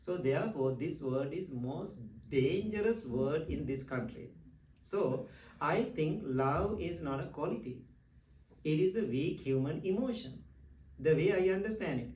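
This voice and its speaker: A middle-aged Buddhist monk teaches in English, his second language, and the grammar slips now and then. He is lively and laughs easily as he tells stories. He sounds caught by a mic set well back in a reverberant hall. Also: a little high, unhurried, slight background noise. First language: not English. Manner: animated, laughs often, broken English. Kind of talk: dharma talk with personal stories. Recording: roomy hall, distant mic.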